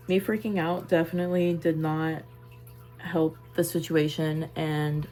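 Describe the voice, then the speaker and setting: A woman's voice: low voice, darkish tone. A young woman vlogger telling a personal story to camera in a casual, emphatic way, often repeating her phrases.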